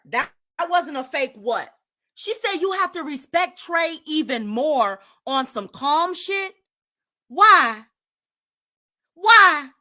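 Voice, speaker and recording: A woman's voice: very high-pitched, bright, forceful tone. A woman giving indignant live commentary, repeating herself for emphasis and lecturing her viewers. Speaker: commentary streamer.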